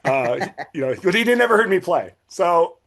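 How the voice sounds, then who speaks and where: A middle-aged man casually telling a long story as a podcast guest, acting out the people he quotes with big jumps in pitch. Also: big pitch swings, moderate pace, fairly bright tone.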